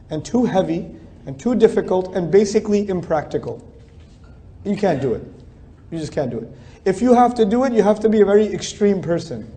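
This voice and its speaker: A man's voice: on the high side, dark tone. A middle-aged man giving a religious lecture in a conversational, emphatic way, repeating phrases for stress. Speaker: Islamic speaker.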